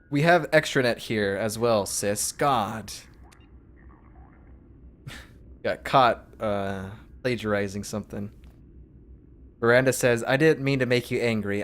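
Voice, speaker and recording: A man streaming a game, casually reading its text aloud in his own voice with asides. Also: lowish voice.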